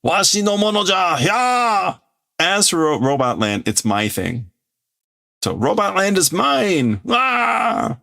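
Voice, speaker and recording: A man's voice: sits high, big pitch swings, slow, vocal fry, bright, forceful tone, voice pushed up, exaggerated voice. A man voicing a frantic, possessive old male villain who shrieks in flustered outbursts while reading from a comic book. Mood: furious.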